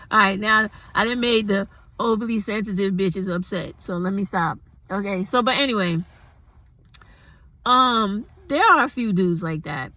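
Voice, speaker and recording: An older woman speaking straight to camera in a bright, forceful voice, recorded dry and close. She talks bluntly and swears freely, wandering off on tangents before pulling back to her point. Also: medium pitch, no echo. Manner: blunt, profane and rambling, with digressions. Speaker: vlogger. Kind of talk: casual commentary to camera.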